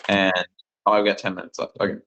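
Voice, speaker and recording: A young man, a missionary phoning home, telling rambling, excitable stories full of fillers. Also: fairly low pitch, fast, slight background noise, low-quality recording. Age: young adult. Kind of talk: casual phone chat with family.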